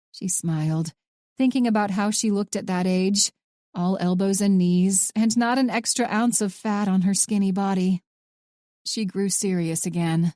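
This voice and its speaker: A woman reads a thriller audiobook in a measured, even way. Her voice is mellow and dark, with a middle pitch. The recording is dry and close. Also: dry recording. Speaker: audiobook narrator. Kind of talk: scripted audiobook narration.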